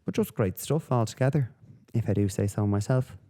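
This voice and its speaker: A man with a fairly low, warm voice talks briskly as he hosts a solo podcast. He rambles and swears through casual commentary, leaning on plenty of fillers.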